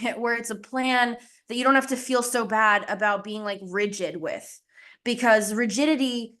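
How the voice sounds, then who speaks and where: A woman's voice: a little high, fairly bright tone. A young adult woman hosting a video-call lesson, chatty and self-deprecating, a little out of breath. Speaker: coach hosting a group call. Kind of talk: casual live teaching call.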